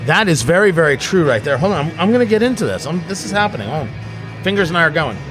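Middle-aged guy hosting a chatty show, kinda high voice, trips over his words a lot, faint music behind. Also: sing-song, fast. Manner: rambling, self-interrupting, jokey. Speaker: podcast host. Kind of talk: casual tasting chat.

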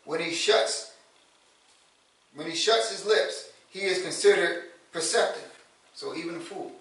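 A man preaching a sermon in a relaxed, conversational way, repeating words and rising to loud emphasis. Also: sits high, a little slow. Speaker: pastor. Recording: echoey room from far off.

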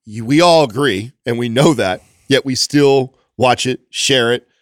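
A young adult man co-hosting a podcast, excitable and wonder-struck, often stammering and restarting his sentences. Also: mid-range voice, unhurried, no room sound, clean studio sound. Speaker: podcast co-host. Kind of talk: casual podcast chat.

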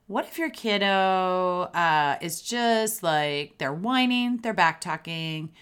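A middle-aged woman with a slightly low voice hosts a parenting podcast in a relaxed, conversational way. She often slips into short acted-out lines showing parents what to say to their kids. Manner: conversational, acts out sample phrases to kids. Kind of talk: casual advice monologue.

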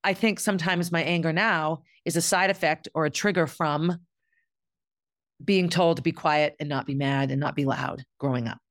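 A woman's voice: low voice, fairly even intonation, normal speed, dry recording, clean studio sound. A middle-aged woman speaking candidly and bluntly in a reflective personal monologue, as the host of her own show. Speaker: podcast host.

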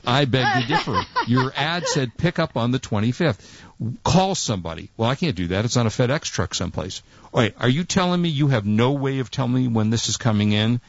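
A man's voice: mid-range voice, expressive, fairly quick, gravelly, no room sound, dull audio. A man co-hosting a casual chat, telling a long story and acting out quotes in exasperated tones. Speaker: co-host.

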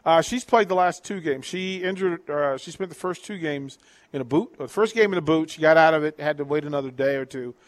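A man's voice: fairly high pitch, brisk, dry recording. Chatty male sports radio host. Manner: chatty, repeats words and restarts, reads listener texts. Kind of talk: casual call-in sports talk.

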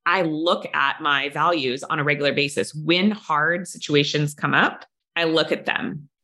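A woman's voice: low voice, a little slow, bright, forceful tone. A woman hosting a business podcast, talking in an earnest, emphatic way in casual conversation with her guest. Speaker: podcast host. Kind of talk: casual interview chat.

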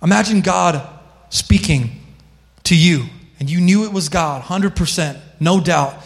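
A man's voice: high-pitched, measured pace, gravelly. A male pastor preaching a sermon with passion, calling on people in the congregation by name. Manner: impassioned, calls on listeners by name. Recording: long hall reverb.

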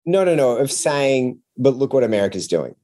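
A man's voice: medium pitch, big pitch swings, moderate pace, warm tone. Man pushing back in casual chat. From outside the United States. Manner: argumentative, pushes back on points.

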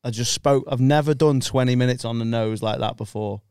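A man's voice: mid-range voice, a little fast, a little mellow, clean tone, no echo, clean studio sound. A man, a stand-up comedian guesting on a podcast, chatting casually, rambling, swearing freely and laughing often. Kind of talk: casual banter.

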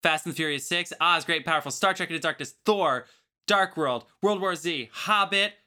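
A man co-hosting a casual film podcast, joking around and reading off long lists of movies quickly. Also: on the high side, sharp tone. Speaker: podcast co-host.

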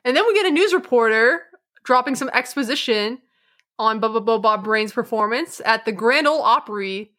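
A woman co-host retells a cartoon episode in an animated, chatty way, laughing as she goes. Her voice is bright and a little high. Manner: animated, laughing, does quick impressions. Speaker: podcast co-host. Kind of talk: casual episode recap.

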